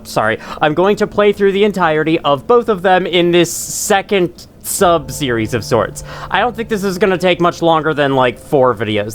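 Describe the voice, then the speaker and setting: A man's voice: fairly high pitch, a little hiss or hum. A young man hosting a casual let's-play with chatty, self-mocking asides, his nose runny from allergies. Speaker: gaming channel host.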